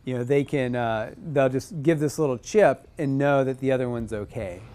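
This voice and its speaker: A man teaching a group about bird calls in a casual, animated way, sometimes mimicking bird chips. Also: mid-range voice, normal speed, a little hiss or hum. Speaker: outdoor naturalist instructor.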